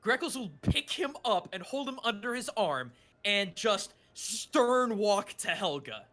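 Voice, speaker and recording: A tabletop game player talking casually and excitably, laughing often. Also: medium pitch, a little slow.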